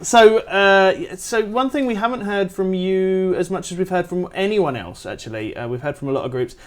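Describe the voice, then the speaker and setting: Male livestream host, fairly high voice, rambling questions. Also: normal speed. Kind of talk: livestream interviewing.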